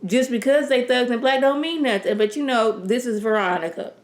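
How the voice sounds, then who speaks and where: A woman casually reviewing a TV episode in a sassy, animated, rambling way. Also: a little high, brisk. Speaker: TV show reviewer. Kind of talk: casual chat.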